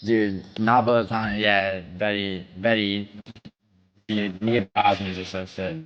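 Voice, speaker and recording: A man's voice: fairly low pitch, flat delivery, measured pace, a bit bright, lo-fi sound. A man hosting a livestream in casual chat with his viewers, brash and profane, trash-talking and bragging. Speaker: livestream host.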